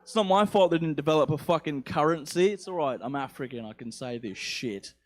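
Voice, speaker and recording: A young man from England does rambling stand-up, fairly quick and animated in a voice on the high side. He swears a lot and turns the jokes on himself, his accent a mix of English and Australian.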